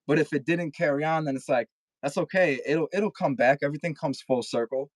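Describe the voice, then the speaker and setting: A man's voice: on the high side, fairly quick, no echo, low-quality recording. Young guy rapper on a video call, rambly, says like constantly, cusses a lot, dry sound. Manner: rambling, profane, lots of filler "like". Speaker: guest rapper. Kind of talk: casual podcast chat.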